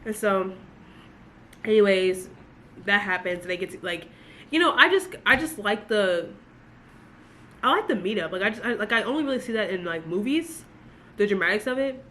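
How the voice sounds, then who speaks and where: A woman chatting through a book review, animated and gushing, full of asides to her viewers. Her voice is bright and forward, and faint noise sits under the recording. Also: mid-range voice, normal speed, pauses often. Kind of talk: casual video book review.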